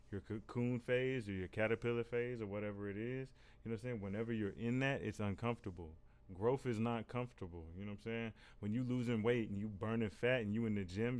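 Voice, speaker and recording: Man with a low voice giving casual pep talk. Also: darkish tone. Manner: rambling, repeats "you know what I'm saying"; candid and profane. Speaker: reaction video host.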